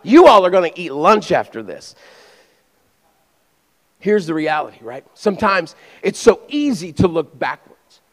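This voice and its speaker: A man, a pastor, preaching a sermon with energetic exhortation that drops into quiet conversational asides. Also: high-pitched, normal speed. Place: church hall. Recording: long hall reverb.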